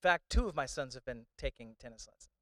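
A male pastor delivers a sermon in a loose, conversational storytelling style, often restarting his phrases. His pitch sits in the middle range. The sound is dry and close, with no room echo. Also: lively intonation, fast talker, bright, forceful tone.

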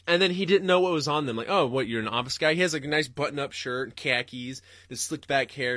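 Young guy ranting solo on his podcast, bright voice, dead dry mic, rambles and laughs. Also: medium pitch, quick pace, hardly any pauses, no echo. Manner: rambling, profane, laughing ranter. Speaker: podcast host.

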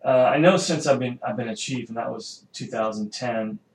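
Speaking at a moderate pace in a medium, slightly mellow voice, a military chief joins a casual podcast chat. He hesitates often and leans on fillers, and the recording sounds roomy with faint ambience.

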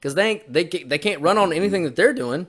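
A man's voice: sits high, animated, fast talker, a bit bright, slightly rough. A man co-hosting a podcast, ranting on politics in a heated, profane way. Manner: heated, profane, repetitive swearing. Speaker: podcast co-host. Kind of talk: opinionated political rant.

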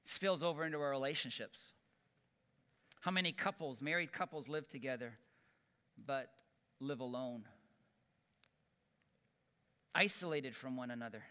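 A man preaching a sermon, telling stories and acting out the quoted voices with lively energy. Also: mid-range voice, normal speed, long pauses, long reverb tail. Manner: animated storytelling with acted-out quotes.

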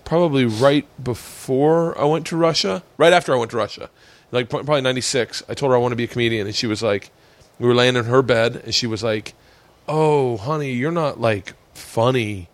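Swearing, animated man telling stories. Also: medium pitch, fast talker, dry recording. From Florida. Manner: animated, swearing, acts out quoted voices. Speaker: podcast host. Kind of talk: casual chat, storytelling.

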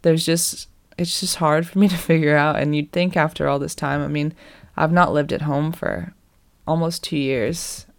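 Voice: mid-range voice, fairly even intonation, normal speed, creaky. A person in their twenties with an American accent, chatting casually and rambling about life abroad. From United States. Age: 20s.

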